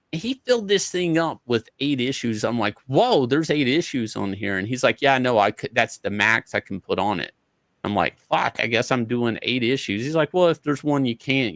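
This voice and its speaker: A man's voice: mid-range voice, fairly bright tone, no room sound. A man, a comic book artist, telling a story in an interview in a casual, profane way, acting out both sides of each conversation.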